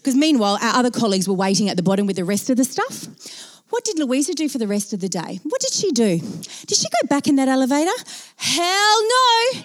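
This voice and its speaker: A woman telling a personal story to an audience, self-mocking and animated, acting out her own panic in quoted speech. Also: fairly high pitch, fast. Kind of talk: anecdote told to an audience.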